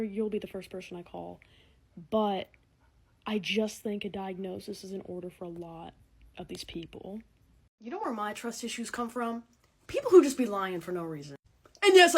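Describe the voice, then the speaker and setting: A woman's voice: medium pitch, slightly rough. A young woman delivering a sarcastic comedic rant with exaggerated shifts in tone. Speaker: comedy content creator.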